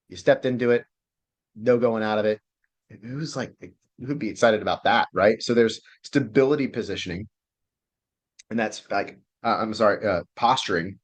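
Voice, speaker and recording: Man with a lowish voice, relationship coach, loose, profane and excitable delivery, video-call sound. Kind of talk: casual online class presentation.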